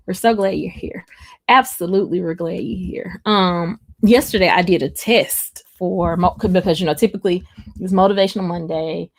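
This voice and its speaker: A young woman with a Southern accent talks casually to her livestream audience, greeting viewers and laughing as she goes. Her mid-range voice carries a noticeable creaky rasp. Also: mid-range voice. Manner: chatty, reads viewer comments aloud, laughs often. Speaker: livestream host.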